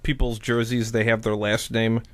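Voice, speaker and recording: A man's voice: fairly low pitch, flat delivery, normal speed, a bit bright. A young man co-hosting a casual chat, chiming in and going off on tangents. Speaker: co-host.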